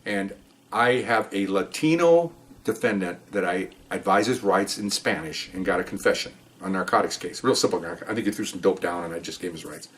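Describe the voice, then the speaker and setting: A man's voice: low voice, expressive, brisk, a bit bright, a little hiss or hum. An older man, a police officer, telling rambling stories in casual chat and often checking in with "okay?". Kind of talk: casual storytelling.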